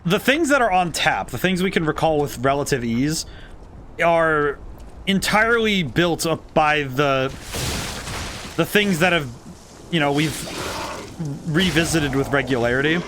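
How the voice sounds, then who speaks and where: Bright-voiced game designer musing on stream. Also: male voice, a little high, lively intonation, a little slow, pauses often, a little hiss or hum. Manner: rambling, self-correcting, thoughtful musing. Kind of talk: casual livestream commentary.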